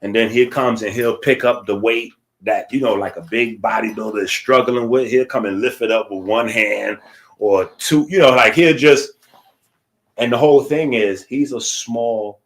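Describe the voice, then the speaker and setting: A man's voice: medium pitch, fairly even intonation, moderate pace. A man teaching a casual lecture, explaining in a loose conversational way and checking in with frequent "right?" tags.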